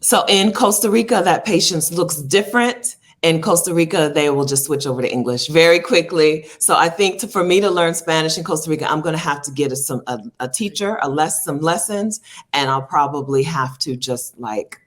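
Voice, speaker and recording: A woman co-hosting a casual chat who speaks in a measured way and often answers with "mm-hmm.". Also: deep voice. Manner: measured, with frequent "mm-hmm" backchannel. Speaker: co-host.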